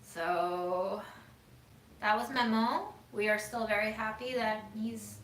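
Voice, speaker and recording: A woman hosting a casual livestream, reading and answering viewer comments in a relaxed, musing way with many "um"s and some half-whispered asides. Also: medium pitch, slow pace. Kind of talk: casual chat. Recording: echoey room with faint ambient noise.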